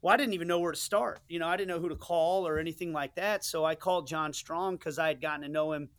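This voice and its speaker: A man's voice: a little high, quick pace, fairly bright tone, no room sound. A middle-aged man, a soccer commentator from the United States, telling stories in a casual interview, earnest and rambling with many restarts and asides. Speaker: soccer play-by-play commentator, guest.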